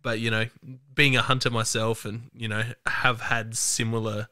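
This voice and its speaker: A man hosting a hunting podcast, chatting in a relaxed way, laughing easily and swearing casually. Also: medium pitch, normal speed, smooth, dry recording, studio quality. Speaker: podcast host, hunter. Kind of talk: casual interview chat.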